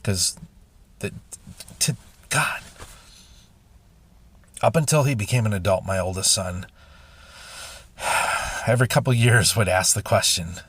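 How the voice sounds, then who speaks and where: A middle-aged man hosting a podcast, telling a painful personal story in a halting, emotional way with many restarts and sighs. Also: lowish voice, a bit bright, slightly rough. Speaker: podcast host. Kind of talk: personal confessional monologue.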